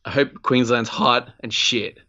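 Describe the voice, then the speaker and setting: A young Australian man co-hosting a podcast, telling a story in animated, sweary casual chat and acting out the quotes. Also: medium pitch, a little slow, muffled recording. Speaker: podcast co-host.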